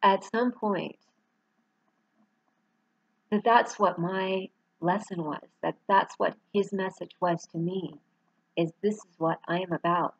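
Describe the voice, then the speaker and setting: A woman's voice: lowish voice, fairly even intonation, slow, long pauses, slightly rough, no echo, low-quality recording. A middle-aged woman talking in a rambling, heartfelt personal vlog, getting choked up at times. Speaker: author and dog owner. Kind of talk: personal vlog, showing photos to camera.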